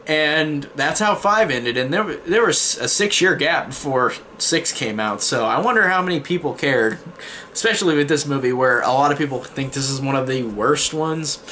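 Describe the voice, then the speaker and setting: Bright-voiced man recapping a film. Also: on the high side, slight background noise. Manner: loose plot recap strung with "and then", casual swearing. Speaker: film reviewer. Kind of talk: casual spoiler review.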